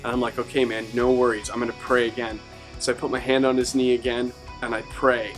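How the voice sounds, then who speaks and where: A man tells a personal faith testimony as an animated storyteller. He slips into the voices of the people he quotes. Faint music plays under his mid-pitched voice. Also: fairly quick. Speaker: youth ministry team member.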